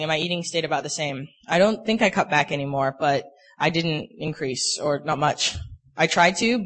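Earnest young man, halting testimony. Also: on the high side, a bit bright. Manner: earnest, halting, full of "you know" fillers. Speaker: speaker sharing a personal testimony. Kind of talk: personal faith testimony.

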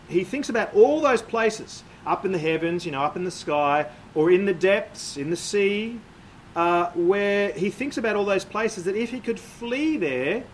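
A man preaching a sermon in a measured, explanatory way, with frequent "uh" and "um" fillers. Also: sits high, a little hiss or hum, poor audio.

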